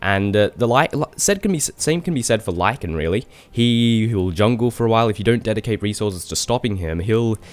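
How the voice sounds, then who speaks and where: A man's voice: lowish voice, lively intonation, fairly quick, few pauses, soft background music. A young man from Australia giving solo esports commentary over a replay, chatty, with self-deprecating asides. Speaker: esports caster.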